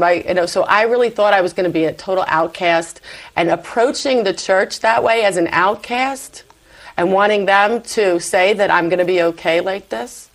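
A woman guest telling her faith story in a conversational interview, animated and acting out her own past remarks. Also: medium pitch, moderate pace, poor audio. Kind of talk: conversational personal testimony.

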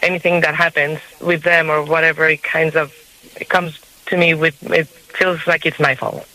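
A man's voice: fairly high pitch, level tone, sharp tone, low-quality recording. A man calling in to an advice show, speaking hesitantly and restarting his sentences. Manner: hesitant, halting, restarts often. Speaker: caller. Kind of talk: call-in conversation.

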